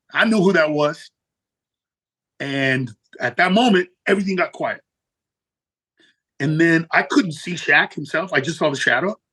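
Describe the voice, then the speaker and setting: Male comic guest, raspy-edged voice, lively and profane storyteller. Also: rough recording. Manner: animated, profane, jumps high in pitch for punchlines. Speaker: guest comedian. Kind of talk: storytelling in a casual interview.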